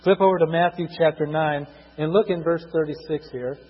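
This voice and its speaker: A middle-aged man preaching a sermon, husky, swinging between loud emphatic bursts and quiet asides, drawing out scripture verses slowly. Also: fairly high pitch, steady tone. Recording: dull lo-fi recording in a reverberant hall with mains hum.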